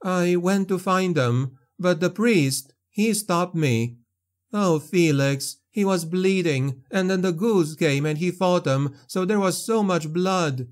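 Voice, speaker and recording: A man voicing a grieving young woman, an innkeeper's daughter, in a raised, trembling voice. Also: slow. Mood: distraught. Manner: higher, trembling, distraught.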